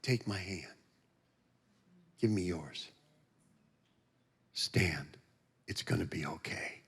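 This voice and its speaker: A man voicing Jesus as a calm, soft-spoken male savior, speaking in a hushed, half-whispered tone. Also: sits low, takes it slowly, gravelly, slightly rough, voice pushed down, heavily acted. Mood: gentle, reassuring.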